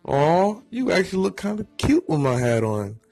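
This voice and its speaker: Storybook role: a man playing a cocky, excitable teen boy, raised pitch, loud and husky. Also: normal speed, heavily acted. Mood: teasing.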